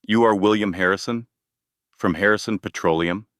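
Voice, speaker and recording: A man's voice: fairly low pitch, moderate pace, a bit bright, dry recording, studio quality, lightly acted. A man voicing a guilty executive whose voice is strained and shaky. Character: panicking, guilty male executive.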